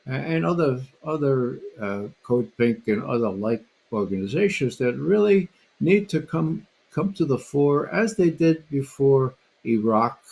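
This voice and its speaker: A man's voice: medium pitch, darkish tone. An older man speaking as a guest panelist on a livestream, telling a story in an emphatic way and repeating his words.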